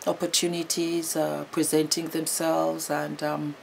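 A middle-aged woman with a low, deep speaking voice talks straight to her viewers in a relaxed vlog chat. She is chatty and warm, and now and then her voice jumps up into animated exclamations. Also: a little slow, vocal fry, slight background noise. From Britain. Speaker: YouTube channel host. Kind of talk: casual vlog chat and story recap. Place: London.

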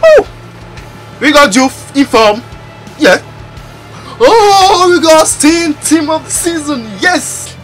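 A man giving excitable pack-opening commentary for a video game, exclaiming and shouting over each pick. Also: very high voice, slow pace, long pauses, over music. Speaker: gaming YouTuber.

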